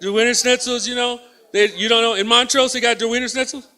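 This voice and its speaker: A man's voice: very high-pitched, fast, clear, resonant tone. A man performing a stand-up comedy set in a theatre, telling stories with acted-out dialogue and bantering with the crowd. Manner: animated storytelling, acts out both sides of dialogues, banters with the crowd. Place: theatre stage.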